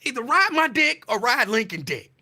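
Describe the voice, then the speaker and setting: A man's voice: very high-pitched, very animated, moderate pace, pushed and bright. A man hosting his own podcast, teasing and calling someone out in a profane, repetitive casual rant. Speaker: podcast host.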